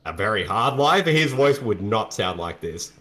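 Guy riffing on a movie with a friend, bright voice, bouncy and jokey. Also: on the low side, normal speed. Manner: jokey and animated. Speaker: co-host. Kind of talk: casual movie commentary.

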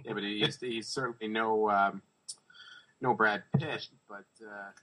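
A man's voice: lowish voice, fairly even intonation, measured pace, sharp tone, rough recording. A man from Canada, a returning guest, chatting casually and joking with the hosts. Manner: easygoing, joking, trailing off. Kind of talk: casual chat.

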